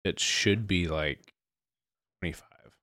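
Laid-back young man, low voice. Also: slow, bright, forceful tone, no echo, studio quality. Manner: laid-back, swears casually, mumbled answers. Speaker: podcast host. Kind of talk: casual chat, quick-fire questions.

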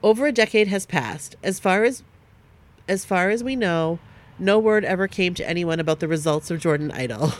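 A woman co-hosting a podcast, reading listener stories aloud at a steady pace and breaking off now and then to chat with her co-host. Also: lowish voice, moderate pace.

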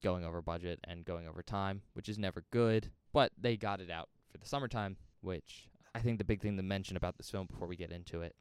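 A young man talks fast and with few pauses, his low-pitched voice clear and resonant with no echo. As co-host of a casual movie podcast, he walks through film history and ribs his friend, growing animated while arguing a point.

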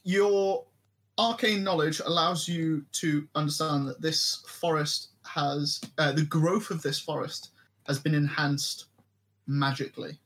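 Slightly high-voiced man running a game. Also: steady tone, fairly bright tone, a little hiss or hum. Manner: halting narration with frequent ums and restarts. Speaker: game master. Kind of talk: narrating a tabletop game.

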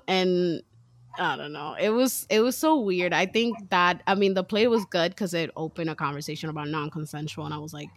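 A woman in her thirties tells a story in casual chat, her voice sitting a little low. She keeps slipping into quoted voices as she goes. The sound is close and dry, with no room around it. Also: moderate pace, no room sound. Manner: chatty, animated storyteller acting out quotes.

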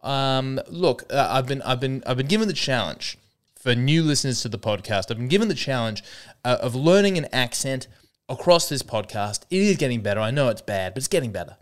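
A young man riffing through a solo comedy podcast in a wry, self-mocking ramble. His voice is smooth and clean, with a middle pitch. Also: expressive, a little fast. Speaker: podcast host.

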